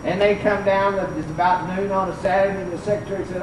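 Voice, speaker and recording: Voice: mid-range voice, little pitch movement, quick pace, hardly any pauses, background noise. Fervent older preacher in an echoey church. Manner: fervent, storytelling, rises to shouts. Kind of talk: revival sermon. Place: church sanctuary. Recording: echoey church, mic far off.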